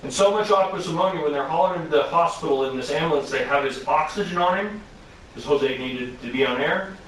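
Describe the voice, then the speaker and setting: Animated male safety trainer in echoey hall. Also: a little high, a little fast, far from the mic, a little hiss or hum. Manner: animated storytelling with rhetorical questions. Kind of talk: classroom safety lecture. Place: arena recreation centre.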